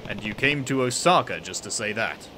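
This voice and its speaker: A man voicing a stoic middle-aged male ex-yakuza hero in a low, clipped, terse way, reading game dialogue aloud. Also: lively intonation, moderate pace, background noise, natural voice.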